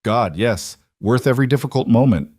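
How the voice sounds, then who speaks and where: A man's voice: medium pitch, lively intonation, a little fast, a little mellow, breathy edge, no echo, studio quality. A man playing Elias, a weary but devoted former lawman and husband in a western storybook, speaking steadily and solemnly. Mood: steady.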